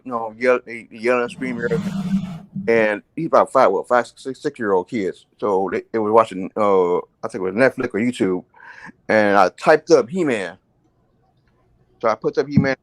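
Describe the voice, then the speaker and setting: A man telling a rambling story with halting restarts in a casual live chat. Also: mid-range voice, no echo. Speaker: regular chat participant.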